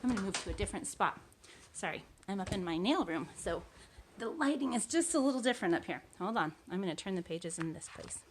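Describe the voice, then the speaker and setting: A woman reading a picture book aloud for preschoolers at home, expressive, with asides to her listeners. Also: mid-range voice, quick pace, a little hiss or hum. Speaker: children's story reader. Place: home room.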